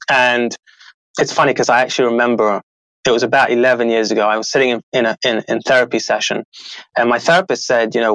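A middle-aged man, an author and show host, telling a story in a casual, animated way and acting out the people he quotes. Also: mid-range voice, no echo, rough recording. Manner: animated, acts out quoted voices, laughs often.

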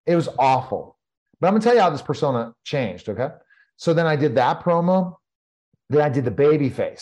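A middle-aged man, a former pro wrestler, telling stories in an emphatic, repetitive, animated way as an interview guest. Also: medium pitch. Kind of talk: casual interview storytelling.

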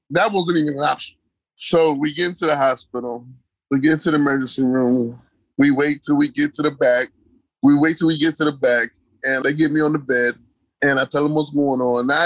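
Man, interview guest, personal storytelling, emphatic repetition, slightly high pitch, dry sound. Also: fairly bright tone, no room sound. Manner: emphatic, repeats key phrases; casual, colloquial delivery.

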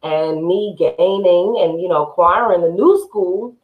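A woman guest on a podcast telling her story candidly, pausing often with "um". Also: fairly low pitch, phone-quality sound. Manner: candid storyteller, frequent "um" pauses. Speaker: guest, accountant and entrepreneur. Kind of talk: casual interview chat. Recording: echoey room.

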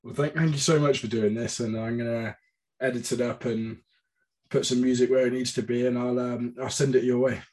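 A man's voice: mid-range voice, flat delivery, a little fast, darkish tone. A man interviewing a guest on a podcast, giving easy, friendly reactions. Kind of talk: casual interview chat.

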